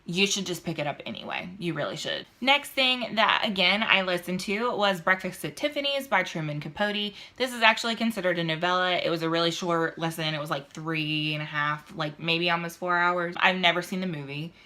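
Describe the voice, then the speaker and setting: Young woman book vlogger, low-ish bright voice, casual chatty delivery. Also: fairly quick, few pauses. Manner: chatty, with fillers and a Southern "y'all"; emotional and emphatic at times. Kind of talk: casual book review chat.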